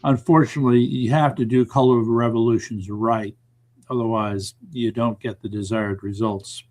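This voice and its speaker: A man's voice: medium pitch, fairly even intonation, moderate pace, a little mellow. A man co-hosting a casual political talk stream, reading the chat and making dry, wry asides. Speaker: co-host.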